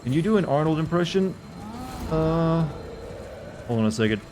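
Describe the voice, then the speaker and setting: A man's voice: on the high side, expressive, moderate pace, noisy background. A man casually commenting on his gameplay live, rambling and correcting himself as he chats with viewers. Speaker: game streamer.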